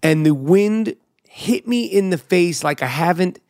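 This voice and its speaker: A man's voice: high-pitched, animated, unhurried, a little mellow, no room sound, clean studio sound. A middle-aged man with a New York accent, hosting his own podcast in a brash, profane, riffing monologue. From New York City. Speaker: podcast host and comedian.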